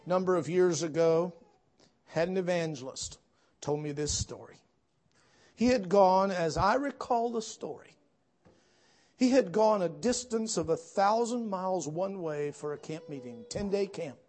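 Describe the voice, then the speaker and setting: A man preaching a sermon, telling folksy stories with asides to the congregation and building to loud, emphatic peaks. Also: sits high. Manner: storytelling, swells to shouts at climaxes.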